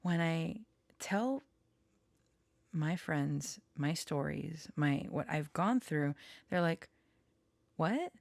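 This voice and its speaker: Woman vlogger, unhurried and halting, low pitch with vocal fry, tired from little sleep. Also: no echo. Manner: slow, halting, with many pauses and fillers. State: short on sleep. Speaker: tarot reader and storyteller. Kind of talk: personal reflective vlog talk.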